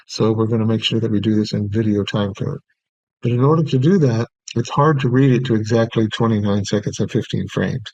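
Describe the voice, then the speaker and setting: A man teaching audio production, explaining each step in a relaxed way and checking in with "okay". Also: mid-range voice, no echo. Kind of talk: screen-recorded software tutorial. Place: small room at his desk. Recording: dry, dull lo-fi recording.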